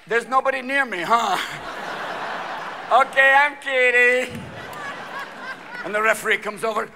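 A man doing stand-up comedy on a theater stage, manic and rapid-fire, leaping between voices and shouts. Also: sits high, big pitch swings, a little hiss or hum. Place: theater stage before a live audience.

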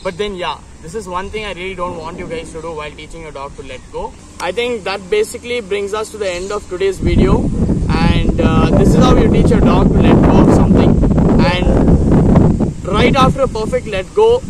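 High-voiced man training a dog outdoors. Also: fairly quick, far from the mic, very noisy. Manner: upbeat praise to a dog, chatty asides to viewers. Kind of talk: casual instructional talk.

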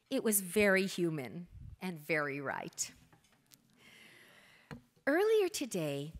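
Middle-aged woman, earnest gala speech, slightly low voice, measured delivery. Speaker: gala speaker, daughter of the foundation's namesake. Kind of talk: prepared tribute speech. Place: hotel ballroom.

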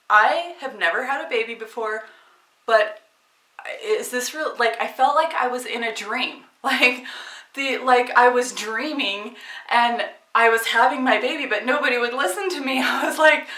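A woman's voice: fairly high pitch, moderate pace, bright, forceful tone. A woman vlogger telling a story in a casual, chatty way, with lots of fillers and frequent laughs. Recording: echoey room, from a distance.

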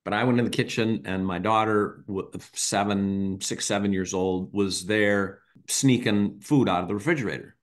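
A man's voice: lowish voice, moderate pace, few pauses. A man on a parenting podcast, talking casually and animatedly, acting out bits of dialogue as he explains. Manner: animated storyteller, acts out dialogue.

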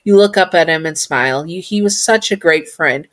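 A woman reads a fan story aloud in a casual, playful way, breaking off to chat and talk to herself. Her voice sits fairly low for a woman. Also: normal speed, few pauses, a bit bright. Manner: chatty, giggly, talks to herself.

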